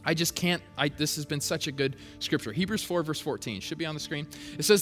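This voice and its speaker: A man preaching a sermon with passion, swinging between loud urgent stretches and hushed quiet ones. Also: a little high, animated, fairly quick, hardly any pauses. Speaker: pastor. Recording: long hall reverb, soft music behind.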